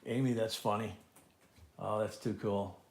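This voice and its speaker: A man's voice: on the low side, fairly even intonation, measured pace. Chatty man calling a coin auction. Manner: chatty, repeats bids and co-host's remarks. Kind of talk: casual live-stream auctioneering.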